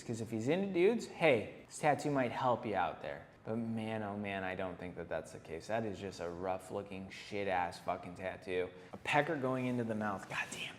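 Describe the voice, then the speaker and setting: A man who is a tattoo artist, hosting a casual reaction commentary in a blunt, rambling and profane manner. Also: fairly low pitch. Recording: roomy echo with long reverb, faint hiss.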